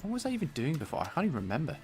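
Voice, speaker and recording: A man's voice: on the high side, wildly swooping pitch, rapid-fire, a little mellow, soft background music. A man live-streaming his programming work, thinking aloud in a casual, rambling way and chatting with viewers. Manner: rambling and self-deprecating, chatting with viewers between tasks.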